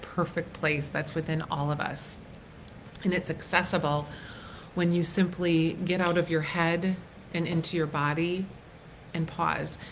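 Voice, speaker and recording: A middle-aged woman coach speaking casually on a live stream, earnest and gentle, with soft pauses and restarts. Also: sits low, a little hiss or hum, low-quality recording. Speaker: wellness coach hosting a live workshop.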